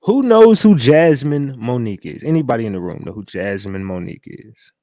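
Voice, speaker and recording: A man's voice: mid-range voice, animated, fairly quick, no echo. Chatty man hosting a livestream. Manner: loose and chatty, repeats catchphrases, shouts out viewers. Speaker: livestream host. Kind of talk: casual livestream commentary.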